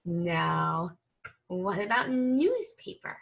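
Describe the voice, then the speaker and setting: A woman teacher leading an early-reading lesson for young children, slow and patient, stretching out each sound. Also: mid-range voice, sing-song, gravelly, a bit bright.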